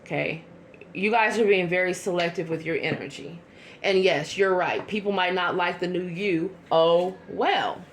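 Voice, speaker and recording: A woman giving a casual tarot reading to her viewers, chatty and blunt, with quick asides. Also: on the low side, fairly bright tone, a little hiss or hum. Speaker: tarot reader.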